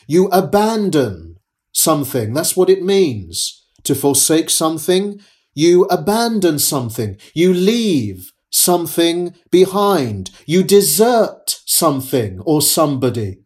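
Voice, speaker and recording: A man preaching a sermon as pastor, in a measured, emphatic way that repeats key phrases and pauses between them. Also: a little high, big pitch swings, a little mellow.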